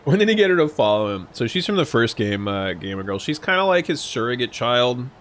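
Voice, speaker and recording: A man's voice: medium pitch, big pitch swings, a little fast, fairly bright tone. Profane, joking male game streamer. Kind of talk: live-streamed gameplay commentary.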